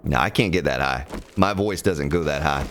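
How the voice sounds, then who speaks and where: Over game music and background noise, a man with a bass voice streams a survival game at normal speed. His casual gameplay commentary is folksy and full of jokes, and he addresses viewers by name.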